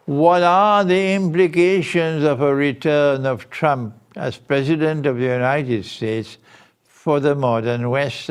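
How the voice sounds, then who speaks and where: A man giving a lecture as a Muslim teacher, speaking in a deliberate, emphatic way. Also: mid-range voice, clear, resonant tone. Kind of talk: recorded lecture.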